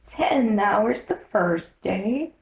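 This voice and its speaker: A woman voicing a sad, sighing male Mock Turtle in a storybook reading, in a high, wavering, mournful voice. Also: lively intonation, drawn-out words, creaky, reverberant, full character voice, rough recording.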